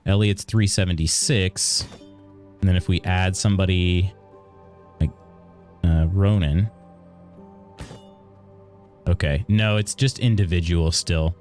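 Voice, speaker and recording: A man's voice: low-pitched, slow, pauses often, soft background music. A man streaming a video game live, chatting casually and thinking aloud as he plays. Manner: relaxed, chatty, thinks aloud while playing.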